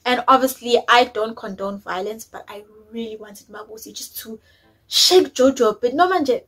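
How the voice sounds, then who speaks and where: A woman's voice: a little high, moderate pace, a bit bright, poor audio. A woman, chatting opinionatedly as she recaps a reality show episode, dropping in isiZulu words. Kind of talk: casual recap chat.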